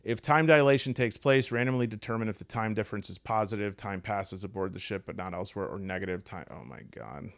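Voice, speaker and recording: A low-voiced man with a Midwestern accent talks through tabletop game rules alone, rolling dice and reading tables aloud. He rambles, thinks out loud and drops joking asides. The sound is close and dry. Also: fast talker, gravelly, few pauses, dry recording. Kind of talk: solo tabletop rules walkthrough.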